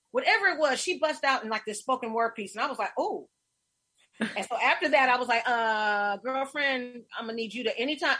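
Middle-aged woman host, husky bright voice, effusive storyteller, casual chat. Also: fairly high pitch.

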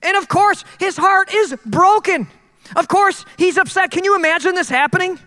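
A male pastor delivers a sermon with animated, conversational energy and a joking streak. His voice is high and bright for a man, and it carries a long reverb from a church hall. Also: normal speed.

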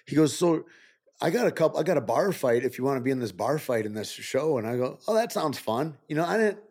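A middle-aged man, a guest in a casual interview, telling stories and acting out quoted dialogue with a lively, rising voice. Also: fast talker. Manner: animated, acts out quoted dialogue with rising pitch. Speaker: podcast guest.

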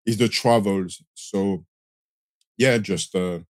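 A man's voice: deep voice, takes it slowly, darkish tone, no room sound. A man in his forties from France with a strong Marseille French accent, talking in a hesitant, filler-heavy way as an interview guest. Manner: hesitant, many fillers and restarts. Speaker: guest, lighting system designer. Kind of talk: casual interview talk.

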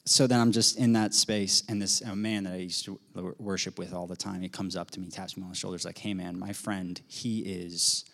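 A man casually sharing a testimony at a church gathering, rambling and animated, with lots of fillers. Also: low-pitched, quick pace, vocal fry, hardly any pauses. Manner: animated, filler-heavy storytelling with acted quotes. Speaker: congregation member sharing a testimony.

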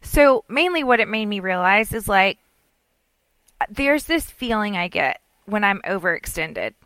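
A woman's voice: medium pitch, big pitch swings, a little slow, a bit bright, dry recording. A middle-aged woman chatting casually as a podcast co-host, telling rambling stories and acting out what people said. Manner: chatty, rambling storyteller, acts out quotes. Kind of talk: casual chat.

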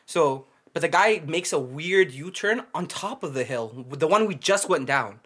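A young man tells a story among friends, laughing often and talking in slang. His pitch rises and falls a lot, which keeps his telling lively. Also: a little slow. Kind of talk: casual chat.

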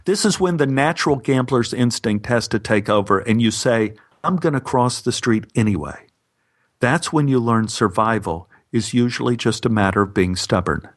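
Dry, wry male podcast storyteller. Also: fairly low pitch.

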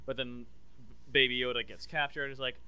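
A man in casual podcast chat, rambling enthusiastically as he pitches his own fixes for stories. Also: flat delivery, moderate pace, bright, forceful tone, clean tone, no room sound. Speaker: podcast co-host.

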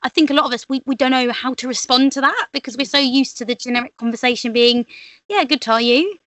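A woman's voice: high voice, fairly even intonation, fast, fairly bright tone, no echo. A young woman from Britain, a podcast guest, talking earnestly and reflectively in casual chat, with frequent fillers.

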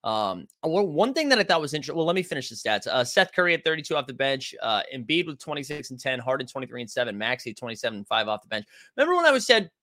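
A man hosts a casual live stream, rambling through his talk with plenty of fillers and restarts. His voice is bright and forward, with an even, middle pitch. The sound is dry and close, with no room around it. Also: quick pace, few pauses, no echo. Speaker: livestream host.

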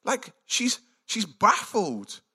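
A man delivers a sermon in a bright, fairly high voice. He takes his time and brings the story to life by acting out the lines of its characters. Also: very animated, extremely slow, vocal fry, husky. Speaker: preacher.

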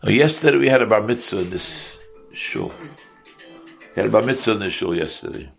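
A man's voice: fairly low pitch, lively intonation, fairly quick, vocal fry, soft background music. A man teaching a Torah class to his congregation, asking rhetorical questions and mixing in Hebrew and Yiddish terms.

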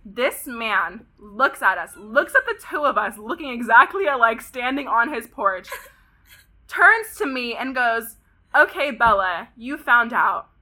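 A young woman of about twenty from Pasadena, California, a podcast guest telling a story in an animated, dramatic way, full of "like" and swearing. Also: fairly high pitch, a little slow. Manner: dramatic, animated retelling, heavy use of "like" and swearing. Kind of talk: casual storytelling chat.

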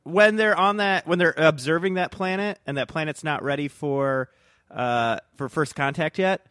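A man's voice: fairly high pitch, moderate pace, a bit bright, clear, resonant tone, no echo, studio quality. A man co-hosting a podcast, chiming in with jokes, laughs and short agreeing remarks in casual chat. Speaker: podcast co-host.

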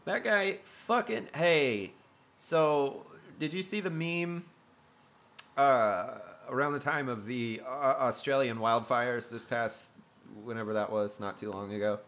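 A man co-hosting a podcast in casual chat, telling stories with lots of swearing and sudden bursts of excitement. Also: mid-range voice, unhurried. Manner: excitable, profane storyteller. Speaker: podcast co-host.

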